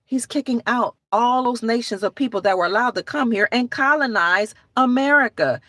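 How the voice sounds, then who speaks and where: Brief: woman, fairly high voice, close dry mic, emphatic preachy monologue. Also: expressive, normal speed, hardly any pauses, a bit bright, dry recording. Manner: emphatic, rambling, preachy, with restarts. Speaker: online commentator. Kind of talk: talking-head rant to camera.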